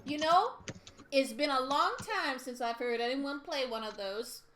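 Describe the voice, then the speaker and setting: A woman's voice: high voice, a little slow, faint music behind. A woman voicing a friendly middle-aged innkeeper with a put-on Southern accent and a folksy, drawling manner. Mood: eager. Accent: American Southern, put on. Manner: warm folksy hospitality, drawling.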